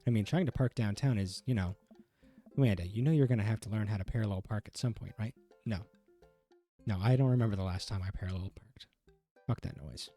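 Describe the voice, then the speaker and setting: A man's voice: on the low side, brisk, warm tone, soft background music. A man streaming a game, chatting casually and joking, often stumbling and correcting himself. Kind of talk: casual let's-play commentary.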